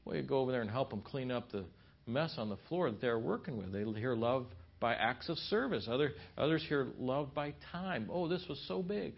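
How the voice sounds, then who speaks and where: A middle-aged man preaches at a marriage seminar, telling personal stories and acting out his wife's lines in a raised voice. His voice sits at a medium pitch. The recording is dull and lo-fi. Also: lively intonation, brisk, creaky. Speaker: pastor.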